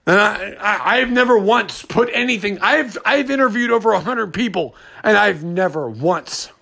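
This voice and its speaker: A man's voice: high-pitched, lively intonation, moderate pace, vocal fry, pushed and bright. A man hosting his own podcast, talking off the cuff in a rambling monologue, upset and full of restarts. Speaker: podcast host. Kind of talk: unscripted personal monologue.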